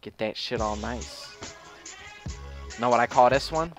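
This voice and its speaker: A man's voice: mid-range voice, a little slow, a bit bright, faint music behind. A man streaming an in-character role-play, talking in laid-back, slangy, profane street banter.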